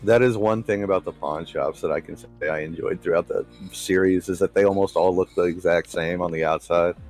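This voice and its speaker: A man's voice: low voice, steady tone, a little fast, a little mellow. A man chatting casually on a game stream, telling a funny story and laughing often. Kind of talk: casual gaming chat.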